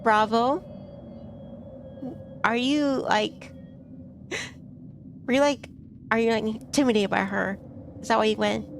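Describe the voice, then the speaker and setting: Chatty woman game streamer, unhurried delivery, fry-textured voice. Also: a little high, a little hiss or hum. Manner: chatty, playful, reacts aloud to the game. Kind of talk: casual game stream commentary.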